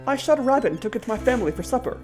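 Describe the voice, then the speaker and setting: A woman's voice: a little high, lively intonation, very fast, pitched above the performer's own voice, close to an everyday voice. A woman reading the lines of an earnest young male outlaw recruit in her own plain voice, with no accent. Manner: plain read-aloud of game text, no accent. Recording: game music playing underneath.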